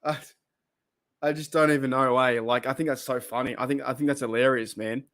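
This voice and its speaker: A man's voice: mid-range voice, steady tone, a little fast, fairly bright tone. A man hosting a casual live stream, chatting and reacting to viewer comments, often repeating himself and exclaiming. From Australia. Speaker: podcast host reading live chat.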